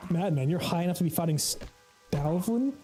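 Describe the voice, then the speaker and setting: A man's voice: on the high side, animated, moderate pace, mellow, faint music behind, low-quality recording. An American man streaming a game, chatting loosely, swearing freely and laughing often. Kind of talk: casual gaming livestream commentary.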